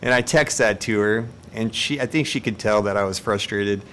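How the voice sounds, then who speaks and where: Animated man telling funny stories live. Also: on the low side, moderate pace, a little hiss or hum. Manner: animated, self-mocking, laughs between lines. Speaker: live-stream host. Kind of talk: casual storytelling on a live stream.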